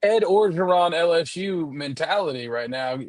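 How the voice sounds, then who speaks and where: A co-host on a sports talk show tells a funny story in a lively, swooping voice and laughs at his own jokes. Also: medium pitch, normal speed, a loud crowd.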